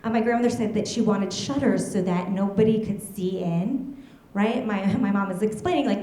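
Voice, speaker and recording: A young woman doing a stand-up comedy set, telling stories with a deadpan edge and laughing at her own jokes. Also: medium pitch, normal speed. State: heavily pregnant. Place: comedy club stage. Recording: roomy club echo.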